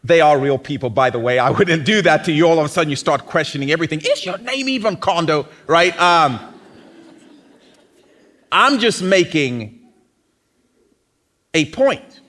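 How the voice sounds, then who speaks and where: A man's voice: on the high side, expressive, moderate pace, long pauses, fairly bright tone. A man preaching a sermon in a conversational, teasing way, often acting out mocking quotes.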